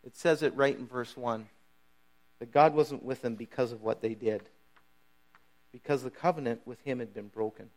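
A man's voice: medium pitch, moderate pace, long pauses, darkish tone. A middle-aged man preaching a sermon in a casual, conversational way, briefly acting out the voices of biblical figures. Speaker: pastor.

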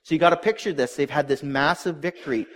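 A man's voice: fairly high pitch, quick pace. A man preaching a sermon, retelling a Bible story in a conversational way and briefly acting out the characters' lines. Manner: conversational storytelling, acts out voices. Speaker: pastor.

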